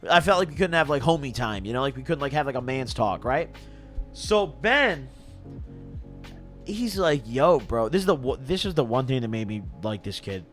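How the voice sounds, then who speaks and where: A man's voice: medium pitch, moderate pace, soft background music. A young man, intoxicated, telling a story on a stream in a casual, slangy way and laughing as he goes. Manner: animated, slangy, laughs through his story.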